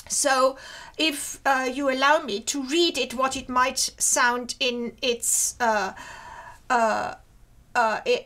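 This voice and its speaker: A woman delivers an academic lecture in a high, bright-sitting voice. She speaks slowly and carefully, weighing each word. When she recites verse she draws the syllables out even further. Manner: careful, measured, slows to recite ancient verse.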